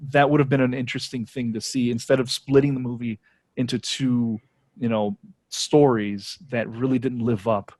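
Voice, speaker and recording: A man co-hosting a casual podcast, giving his opinions in a relaxed flow dotted with filler words. His voice sits at an ordinary middle pitch and sounds dry and close to the mic, with no room echo. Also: normal speed. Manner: animated, opinionated, many "you know" fillers. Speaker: podcast co-host. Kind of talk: casual chat.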